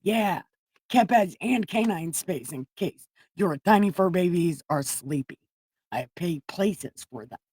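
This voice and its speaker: A woman's voice: on the low side, animated, a little slow, darkish tone, breathy edge, dry recording. A woman hosting a livestream, retelling Bible stories casually in a profane, rambling, jokey way from a room at home. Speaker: livestream host.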